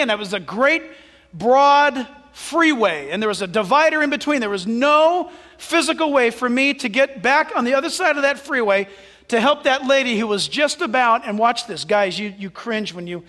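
A man preaching a sermon as a pastor, telling stories with animated delivery and dropping into soft asides. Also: very high-pitched, big-room sound.

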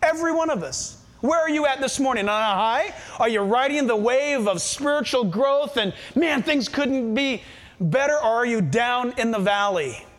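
High-voiced preacher, animated and questioning. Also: male voice, normal speed, hardly any pauses. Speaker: pastor. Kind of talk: sermon.

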